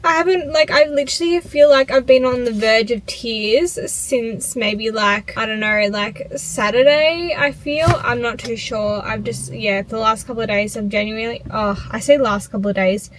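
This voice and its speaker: Young woman, emotional rambling vlog chat, slightly high voice, faint ambience. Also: normal speed, few pauses, a little hiss or hum, poor audio. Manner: emotional, rambling, self-talking. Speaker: vlogger.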